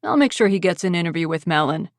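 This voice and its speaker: A woman's voice: fairly low pitch, lively intonation, quick pace, no echo, studio quality, lightly acted. A woman voicing a cocky, sleazy male sports reporter in an audiobook. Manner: cocky, dismissive.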